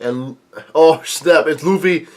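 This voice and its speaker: A man with a stuffy nose, casually reading manga panels aloud in a halting way, adding blunt remarks as he goes. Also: a little high, darkish tone. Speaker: manga reaction video host. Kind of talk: casual read-along commentary.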